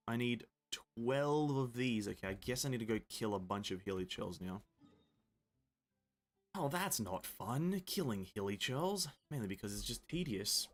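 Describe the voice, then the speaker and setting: An Australian man streaming a game, chatting casually into a desk mic, rambling and restarting sentences with the odd offhand swear. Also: mid-range voice. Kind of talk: casual chat while gaming.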